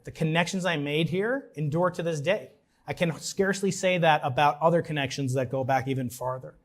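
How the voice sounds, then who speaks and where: A man in his forties or fifties from Long Island, giving a commencement speech with joking asides and halting restarts. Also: a little high. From New York, Long Island. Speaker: commencement speaker. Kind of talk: ceremonial speech. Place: large ceremony venue.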